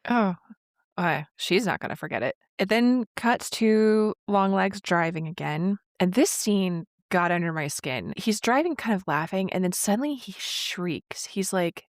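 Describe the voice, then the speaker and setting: A woman's voice: mid-range voice, lively intonation, measured pace, no room sound, studio quality. A woman co-hosting a podcast, casually retelling a film scene by scene with plenty of fillers. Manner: detailed plot retelling with frequent fillers. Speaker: podcast co-host. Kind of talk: casual chat recapping a film.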